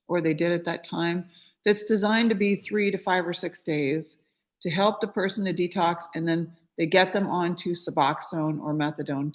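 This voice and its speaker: Telling a personal, emotionally charged story, this middle-aged spiritual healer sounds conversational and uses plenty of fillers. Whenever she quotes someone, her voice goes up in both pitch and loudness.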